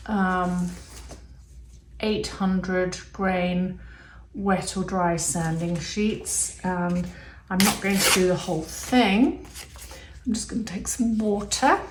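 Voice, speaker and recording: A woman's voice: fairly low pitch, fairly even intonation, slow, slight background noise. A woman giving a casual step-by-step craft demonstration, chatty and thinking aloud with the odd um. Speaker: resin art tutorial maker. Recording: roomy echo.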